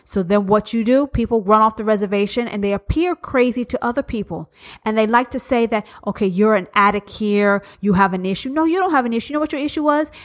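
A woman's voice: a little high, quick pace. A woman hosting a podcast, talking straight to her listeners in a blunt, profane monologue that leans on repetition. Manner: profane, emphatic and repetitive, addressing listeners directly. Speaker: podcast host.

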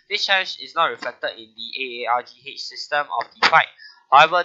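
Heavily fluey and nasal, a medium-pitched man with a sharp tone talks through game update notes in a laid-back gaming video, peppering his commentary with "uh." The recording has its high frequencies cut off.

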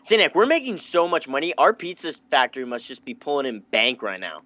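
A man's voice: on the high side, big pitch swings, sharp tone, dull audio. A young man bantering and teasing his friend during a casual let's-play, laughing often. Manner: teasing, playful, quick to laugh. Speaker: guest gaming partner.

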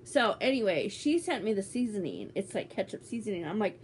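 A woman's voice: medium pitch, sing-song, brisk, few pauses, slight background noise. A woman vlogging casually as she unboxes a gift swap, bubbly and teasing as she exclaims over each item. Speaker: beauty vlogger.

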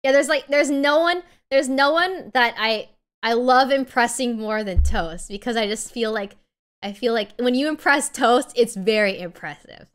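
Teary, high-voiced young woman streamer. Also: moderate pace, smooth. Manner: effusive, gushing, rambling with fillers. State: teary and emotional. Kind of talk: casual livestream chat.

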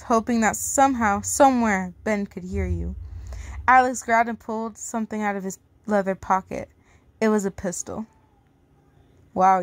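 A woman reading a fan fiction aloud to her audience, casual and outspoken, reacting loudly and swearing. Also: mid-range voice, no room sound. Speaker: story reader.

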